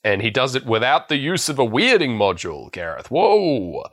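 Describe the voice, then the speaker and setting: A man's voice: medium pitch, big pitch swings, a little fast, fairly bright tone. A man co-hosting a podcast, recapping a film in a rambling, storytelling way and laughing often. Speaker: podcast co-host. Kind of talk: casual film recap chat.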